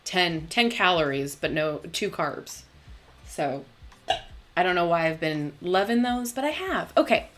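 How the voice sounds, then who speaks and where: A young woman hosting a tarot live stream, talking casually and bubbly, laughing often and filling pauses with "um". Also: on the low side, lively intonation, a bit bright. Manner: chatty, bubbly, laughs often, many fillers. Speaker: tarot channel host.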